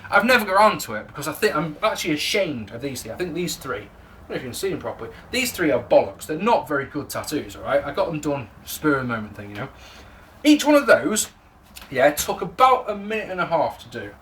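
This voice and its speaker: A man's voice: fairly high pitch, very animated, quick pace, a bit bright, slight background noise. A young man giving a casual, jokey, sweary spoken wrestling review to camera.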